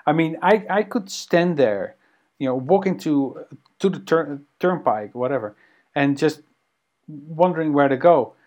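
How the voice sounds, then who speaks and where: Halting, animated male podcast co-host. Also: fairly high pitch. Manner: animated, hesitant with many ums and restarts. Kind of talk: casual conversation.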